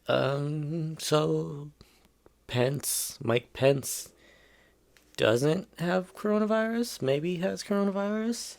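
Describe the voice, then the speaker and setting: A man's voice: fairly high pitch, vocal fry. A man hosting a solo podcast, ranting in a profane, rambling, exasperated way, trailing off and restarting mid-sentence. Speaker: podcast host.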